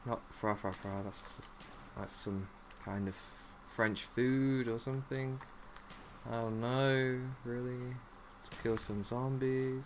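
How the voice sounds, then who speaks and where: A young man with a medium-pitched, steady voice talks slowly as he plays a zombie game, offering silly, meandering commentary that leaps between strange topics and is thick with "like." A slight hiss or hum is audible.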